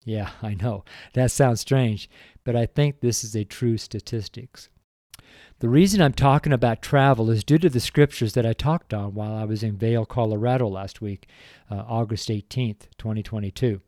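A man preaching a devotional sermon and praying, earnest and openly emotional, with slow, deliberate emphasis. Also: medium pitch, mellow, no room sound, studio quality. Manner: earnest, emotional, tearful at times.

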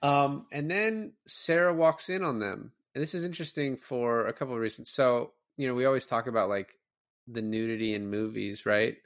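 A man's voice: medium pitch, normal speed, dry recording, clean studio sound. A man co-hosting a podcast, chatting casually about a film, recapping scenes and laughing often. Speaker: podcast co-host. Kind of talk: casual movie discussion.

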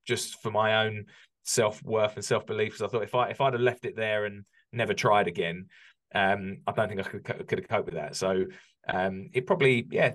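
A man's voice: on the low side, a bit bright. A man from the UK in his forties, a podcast guest reflecting candidly on rebuilding his business, with frequent ums and restarts. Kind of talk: candid conversational interview.

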